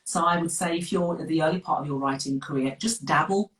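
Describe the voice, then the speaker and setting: A middle-aged woman with a Birmingham accent, chatting as a guest author on a live video call, direct and quick to laugh. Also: sits low, fairly bright tone. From West Midlands of England. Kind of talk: casual live interview. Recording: echoey room, distant from the mic.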